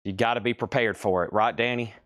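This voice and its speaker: A man's voice: lowish voice, fairly even intonation, a bit bright, no room sound, studio quality. Chatty man hosting a live sale. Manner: chatty, teasing, reading prices quickly. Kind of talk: casual live-stream selling. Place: store.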